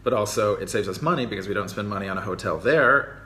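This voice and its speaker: Lowish male co-host, bright timbre, easygoing explainer, faint hiss behind. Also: fast. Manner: relaxed, explanatory, with frequent fillers. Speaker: travel vlogger co-host. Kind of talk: casual live Q&A chat. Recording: faint background noise.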